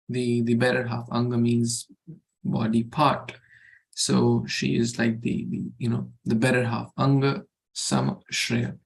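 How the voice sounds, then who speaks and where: A man teaching a scripture verse to a study group, going slowly, repeating words and asking the group questions. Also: mid-range voice, gravelly.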